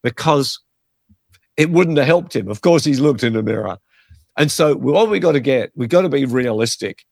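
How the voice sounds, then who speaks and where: A man's voice: medium pitch, vocal fry, no room sound, studio quality. A man, a pastor teaching in a conversational, earnest way and giving numbered points. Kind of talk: podcast teaching on faith and health.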